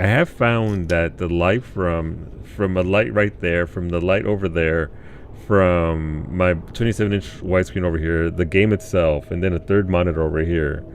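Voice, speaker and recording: A man's voice: low-pitched, slight background noise. A man in his thirties, live-streaming a video game and casually chatting with his viewers, reading and answering chat messages aloud.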